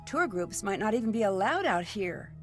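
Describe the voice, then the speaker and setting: An actress playing a curious young female amateur detective who questions people calmly in a mystery game. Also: mid-range voice, normal speed, faint music behind, natural voice. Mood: skeptical. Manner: inquisitive, calm questioning.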